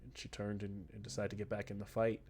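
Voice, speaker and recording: A man's voice: fairly low pitch, completely flat delivery, fast, darkish tone. A man narrating as game master of a tabletop game in a loose, chatty way.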